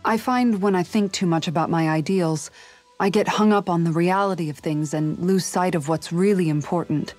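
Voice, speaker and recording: An actress voicing a calm, caring young woman and older sister who speaks thoughtfully, in a video game. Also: fairly low pitch, normal speed, faint music behind, natural voice. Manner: gentle, thoughtful, soft-spoken.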